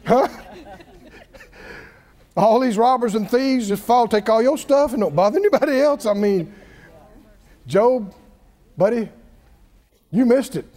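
A man preaches in a very high, lively voice that rises and drops as he acts out each person in the story. His sermon rings with the long reverb of a large hall. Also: unhurried, pauses often. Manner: animated storytelling, acting out voices with big pitch swings.

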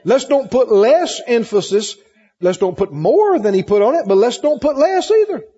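A man's voice: extremely high pitch, big pitch swings, moderate pace, warm tone, husky. A man preaching a sermon with emphatic, repetitive phrasing, asking the congregation questions. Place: church hall with congregation. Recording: muffled recording in a hall with long reverb.

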